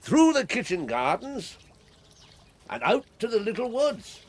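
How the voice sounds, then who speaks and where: A man's voice: high voice, wildly swooping pitch, a little slow, a little hiss or hum, exaggerated voice. An actor playing a hearty, talkative old country squire in a radio drama, rambling and fatherly. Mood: genial. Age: older. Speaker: Squire Hamley. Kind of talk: 1980s radio drama acting.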